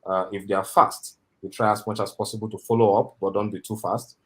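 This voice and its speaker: A man's voice: fairly low pitch, flat delivery, brisk, breathy edge. A man teaching interview skills on a video call, talking in a rambling way with many fillers and frequent requests for agreement. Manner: rambling, filler-heavy, often asks for agreement. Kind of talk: instructional talk on a video call. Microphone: video call microphone.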